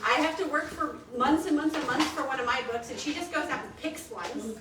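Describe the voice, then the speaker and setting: A woman author chatting casually at a live bookstore event, self-deprecating with quick asides. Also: high-pitched, over a noisy crowd. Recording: echoey room, distant mic, noise.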